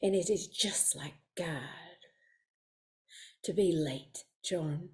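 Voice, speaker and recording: A woman's voice: on the high side, very animated, takes it slowly, mellow. A woman voicing a prim, fussy older Sunday school teacher in a comic monologue, talking in a lilting, stagey way full of asides. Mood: wry.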